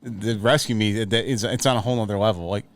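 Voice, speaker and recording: A man's voice: fairly low pitch, fairly even intonation, fast, no echo. A man co-hosting a podcast, chatting casually and telling a long, stammering story. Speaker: podcast co-host. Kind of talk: casual chat.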